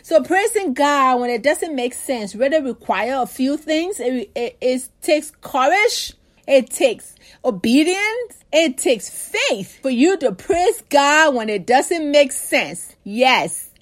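A woman's voice: high voice, very animated, slow. A woman preaching a fervent sermon, repeating key phrases and calling out to her listeners for response.

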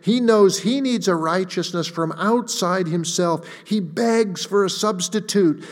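A man delivers a sermon in a fairly high voice, deliberate and emphatic. He slows down to lean on key words. His voice rings out with the long reverb of a large church hall. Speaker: preacher.

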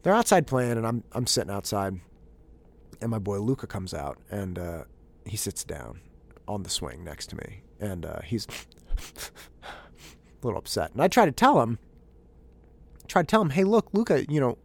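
A man telling a story from home life in a casual monologue, animated and exasperated, laughing at himself and often restarting his sentences. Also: lowish voice, a little slow, gravelly, pauses often. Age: adult father of young children. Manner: animated, exasperated and self-mocking, with frequent restarts. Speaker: podcast host.

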